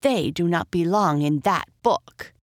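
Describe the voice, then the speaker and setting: A woman's voice: wildly swooping pitch, brisk, creaky, no echo, studio quality, heavily acted. A woman voicing a bossy, demanding young girl who snaps and shrieks at others. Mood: indignant. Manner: demanding, shrill.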